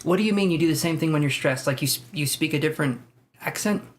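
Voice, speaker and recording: A tarot livestream host with a slightly high voice talks fast. Casual and jokey, he laughs frequently while going through viewer comments.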